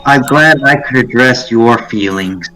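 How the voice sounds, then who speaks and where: A man's voice: medium pitch, measured pace, sharp tone, soft background music, poor audio. A man voicing a prickly male priest who answers with dry sarcasm. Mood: sarcastic.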